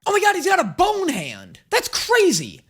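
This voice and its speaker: Male reaction host, casual commentary, crude jokes, animated delivery. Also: extremely high pitch, normal speed, noisy background. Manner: profane, joking asides.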